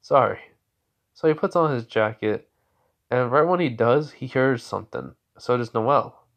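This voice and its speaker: A man's voice: medium pitch, normal speed, lo-fi sound. Rambling man telling a fan story. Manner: rambling, many fillers and restarts. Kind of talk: improvised fan-story narration.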